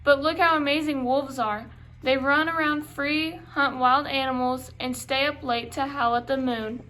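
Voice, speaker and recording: A woman's voice: high voice, fairly even intonation, normal speed, a bit bright, a little hiss or hum. A woman voicing a young male dog who longs to be a wolf while reading a picture book aloud. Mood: eager. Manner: plain storybook reading of the dog's lines.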